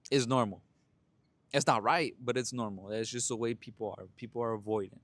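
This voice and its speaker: A young man talks straight to listeners in a blunt, profane, casual way. His voice sits at an ordinary middle pitch. The sound is close and dry, with no room around it. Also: steady tone, brisk, fairly bright tone, no echo. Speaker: podcast host. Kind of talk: casual monologue.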